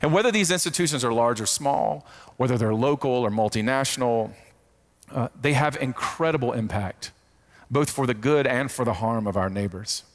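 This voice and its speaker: A man's voice: medium pitch, moderate pace. A man giving a teaching talk on faith and work, repeating key phrases for emphasis and often restarting his sentences.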